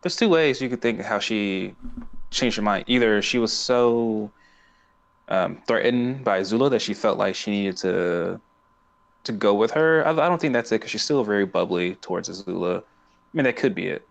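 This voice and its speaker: A man's voice: fairly low pitch, moderate pace, creaky, lo-fi sound. A man co-hosting a podcast in casual chat, retelling scenes with frequent laughter. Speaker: podcast co-host.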